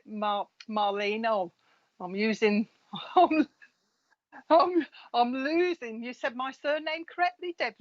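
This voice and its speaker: A middle-aged woman, a spiritual medium chatting casually on a live stream, reading out viewers' names in a friendly, gossipy way. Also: medium pitch. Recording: slightly dull lo-fi live-stream audio.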